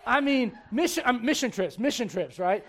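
Very high-voiced joking man preaching. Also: normal speed. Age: 40s. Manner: joking, animated storytelling. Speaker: pastor. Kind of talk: sermon. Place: church.

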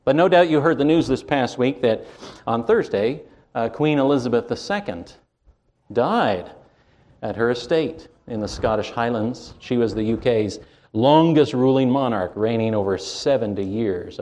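A man from Canada preaching a sermon from the pulpit, slow and emphatic, with wide swings in pitch and loudness. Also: animated. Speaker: pastor.

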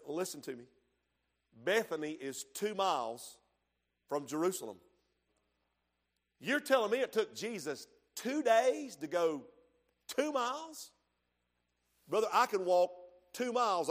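A man preaching a sermon in church, swinging from hushed tones to shouting. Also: high voice. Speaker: pastor.

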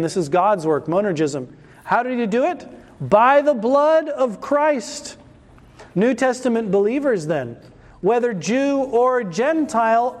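Brief: male preacher, high voice, emphatic sermon delivery that slows down for key words. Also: long reverb tail. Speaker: pastor.

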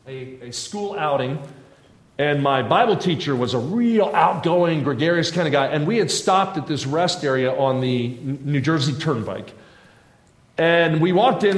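A man preaching from the front of a church, his slightly high voice ringing around the roomy sanctuary. He tells stories in a folksy, joking way and throws asides to the congregation. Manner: storytelling, folksy and humorous with audience asides. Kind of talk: sermon. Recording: echoey church room.

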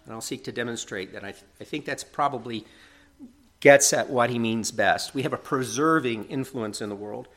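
This middle-aged man preaches a sermon in a mid-range, fairly bright voice at a moderate pace. His delivery is earnest and conversational, and he often checks in with tag questions.

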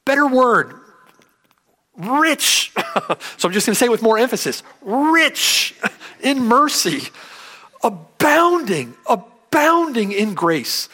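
Male preacher, fairly high voice, animated delivery, emphatic sermon reading. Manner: emphatic, rising and falling sharply for stress.

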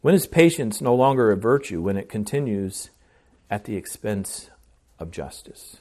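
A man's voice: fairly low pitch, animated, moderate pace, darkish tone. A man preaching a sermon as pastor, earnest, with restarts and swells of volume on key phrases.

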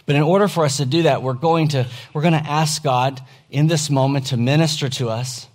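A man's voice: fairly high pitch, fairly quick, a little mellow. A pastor preaching earnestly to his congregation during a church service, plain-spoken and emphatic. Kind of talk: sermon.

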